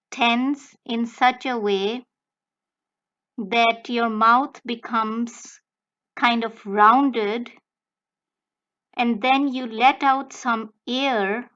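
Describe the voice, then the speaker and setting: Very slow, careful woman tutor. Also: fairly high pitch, a bit bright, muffled recording. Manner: slow, deliberate, breaks words into careful phrases. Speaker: language tutor. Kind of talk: slow instructional explanation.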